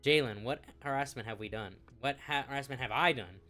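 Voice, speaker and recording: A man's voice: mid-range voice, brisk, bright, forceful tone, soft background music. A man doing commentary, reading messages aloud in a mocking tone and swearing freely. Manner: profane, sarcastic, laughing often. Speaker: commentary YouTuber.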